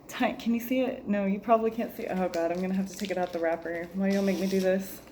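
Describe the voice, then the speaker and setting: A woman's voice: medium pitch, fairly even intonation, fairly quick, mellow, slight background noise. A woman reviewing a jewelry subscription in a casual vlog, joking, exasperated, laughing often and calling her viewers y'all.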